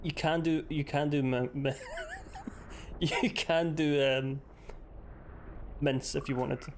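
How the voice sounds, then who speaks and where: A man's voice: fairly high pitch, steady tone, measured pace, a little hiss or hum. A man streaming a game, swearing freely and joking back and forth with his chat. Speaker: livestreamer. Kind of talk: casual gaming stream chat.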